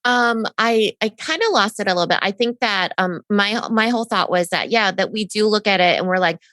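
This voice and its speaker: A woman co-hosting a podcast speaks thoughtfully, pausing and feeling her way through each point. Her pitch sits in the middle. The recording is dry and close. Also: pushed and bright, dry recording. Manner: thoughtful, searching for words, many fillers. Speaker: podcast co-host. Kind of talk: casual interview chat.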